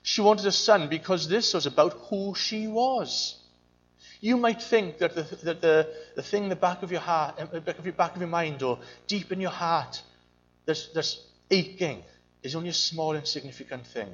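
High-voiced earnest male preacher. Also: moderate pace, highs cut off. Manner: earnest, repeats phrases, mimics voices in quotes. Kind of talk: sermon.

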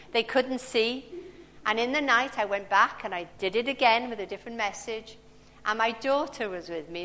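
In a large church hall, a woman with a bright, forceful, medium-pitched voice preaches conversationally, weaving in personal anecdotes. She uses a handheld or stand mic, and the recording carries a long church reverb.

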